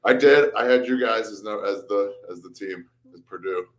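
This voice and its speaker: A man's voice: lowish voice, normal speed. A man, a comedian, chatting casually as a guest, joking and self-deprecating with laughs. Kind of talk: casual chat.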